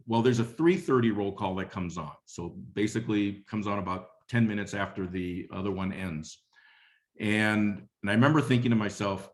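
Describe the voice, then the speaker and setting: A man's voice: fairly low pitch, moderate pace. A middle-aged man giving a webinar talk on leadership, telling a story in a conversational way and often repeating phrases. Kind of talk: motivational talk with anecdote.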